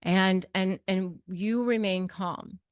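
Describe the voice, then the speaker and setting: A woman's voice: mid-range voice, fairly even intonation, slow, clear, resonant tone, no room sound, studio quality. A woman guest expert giving blunt, emphatic advice in conversation, in a coaching tone.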